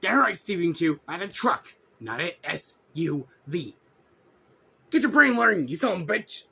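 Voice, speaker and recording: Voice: medium pitch, animated, moderate pace, gravelly, bright, forceful tone, slightly rough. A vlogger ranting indignantly at viewers in a profane reaction commentary.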